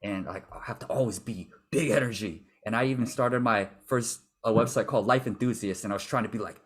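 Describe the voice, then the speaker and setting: A man who works as a vocal confidence coach, leading a workshop in an animated way and sometimes acting out other voices. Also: mid-range voice, fast, few pauses. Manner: animated, acts out voices and impressions. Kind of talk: workshop talk.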